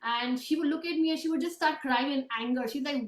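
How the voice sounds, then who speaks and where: A woman in her thirties hosting a casual interview, talking expressively and emphatically, quick to agree and share her own stories. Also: sits high, roomy sound, recorded from a distance, poor audio. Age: 30s. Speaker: host and book author.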